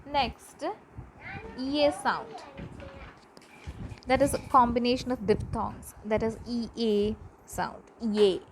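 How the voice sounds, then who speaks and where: A woman's voice: fairly high pitch, takes it slowly, long pauses, noisy background. A woman teacher, giving a pronunciation lesson and carefully repeating example words.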